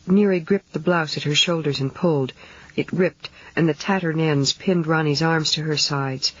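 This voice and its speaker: A narrator reads a novel in a steady, measured way at a middling pitch. The recording is dull and lo-fi, like an old 1970s audiobook tape. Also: no room sound.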